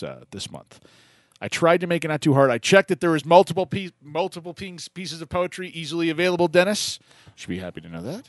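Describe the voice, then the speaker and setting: A man hosting a radio show, chatting casually in a jokey, animated way and laughing often. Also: fairly high pitch, no room sound, clean studio sound. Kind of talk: casual on-air chat.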